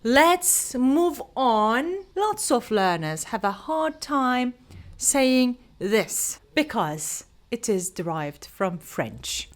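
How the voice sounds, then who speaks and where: Woman, English teacher, pronunciation lesson, unhurried delivery, example sentences. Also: high-pitched. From Turkey. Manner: unhurried, explains each word with example sentences.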